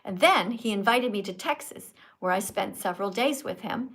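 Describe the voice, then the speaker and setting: A woman from Canada hosting a casual live stream, chatty and animated, quizzing guests in a teacherly way. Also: mid-range voice, moderate pace, breathy edge.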